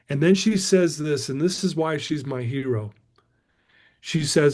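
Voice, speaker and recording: A man's voice: on the high side, normal speed, a little mellow. A middle-aged man, a guest speaker, telling a motivational story emphatically and calling his listeners "guys".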